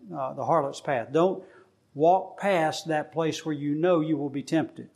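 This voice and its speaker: A man's voice: on the high side, a little mellow. A middle-aged man leading a casual group Bible study, teaching in a plain, conversational way with frequent fillers and restarts.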